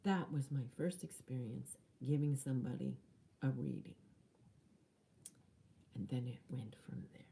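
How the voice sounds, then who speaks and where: A woman coach telling a personal story in an animated way, often dropping into hushed, whispery asides. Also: very deep voice, a little slow, vocal fry, pauses often, a little hiss or hum. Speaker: spiritual coach.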